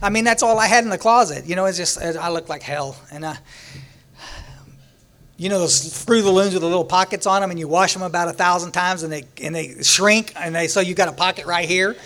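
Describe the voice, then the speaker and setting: A man's voice: sits high, a little fast, fairly bright tone. A man telling his recovery story at a meeting in a folksy, joking way. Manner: folksy storytelling with jokes and laughter.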